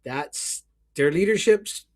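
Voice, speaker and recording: Sarcastic male co-host, somewhat high voice. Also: expressive, slow. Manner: sarcastic, mock-emotional rants. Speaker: podcast co-host. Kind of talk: casual sports chat.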